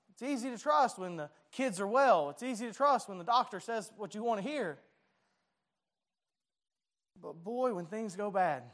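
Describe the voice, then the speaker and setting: A man's voice: high voice, a bit bright. A man preaching a sermon as pastor, conversational and self-deprecating, often stumbling and restarting his words.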